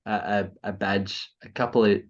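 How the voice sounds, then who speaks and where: A man's voice: fairly low pitch, level tone, moderate pace. Tipsy, giggly Australian man. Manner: giggly, gushing enthusiasm. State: tipsy from beer. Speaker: podcast co-host. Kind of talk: casual football podcast chat. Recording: slightly muffled, lo-fi recording.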